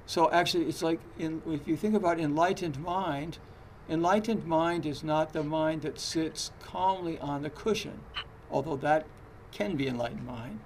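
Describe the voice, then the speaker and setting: This Zen teacher's fairly high, somewhat dark voice moves at a normal speed over a light hiss or hum. He gives his dharma talk conversationally, hesitating, filling pauses, and restarting frequently.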